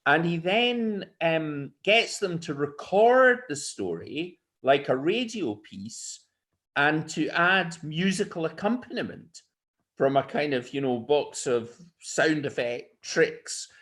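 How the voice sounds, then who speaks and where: An older Scottish man telling stories and anecdotes as an interview guest, lively and expressive. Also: a little high, slow pace. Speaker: storyteller guest. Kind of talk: animated anecdotal storytelling.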